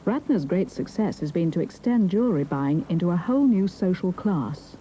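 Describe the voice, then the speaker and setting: A woman reading a documentary narration in a measured, even way. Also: fairly low pitch, a little hiss or hum, low-quality recording. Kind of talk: scripted narration.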